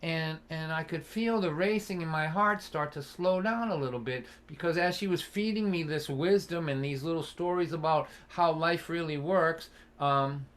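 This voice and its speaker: A man in his sixties telling a personal story at a concert, earnest and halting, with restarts and an occasional cough. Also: on the high side, fairly bright tone. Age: 60s. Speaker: folk singer and storyteller.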